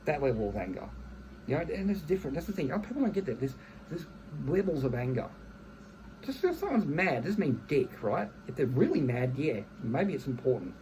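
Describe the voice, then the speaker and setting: A man's voice: medium pitch, very animated, moderate pace, dark tone, a little hiss or hum, poor audio. A man, venting bluntly in a casual monologue, swearing heavily and often restarting his phrases. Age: 30s. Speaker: vlogger.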